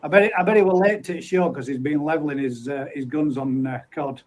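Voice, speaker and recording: Guy hosting a live chat, fairly high voice, reading comments out and saying hi to everyone, relaxed and friendly. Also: quick pace, poor audio. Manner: friendly, easygoing, greets people by name. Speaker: livestream host.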